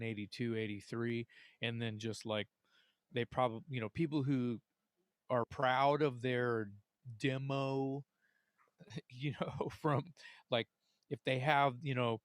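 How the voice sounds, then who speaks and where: A man co-hosting a podcast, chatting casually in loose, halting sentences full of fillers. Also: mid-range voice, no room sound, clean studio sound. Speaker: podcast co-host. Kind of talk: casual chat.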